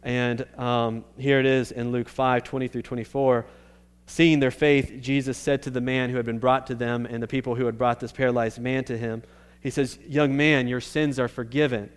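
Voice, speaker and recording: A man's voice: medium pitch, little pitch movement, moderate pace, smooth. A man preaching a sermon as pastor, earnest and emphatic, often restarting his sentences.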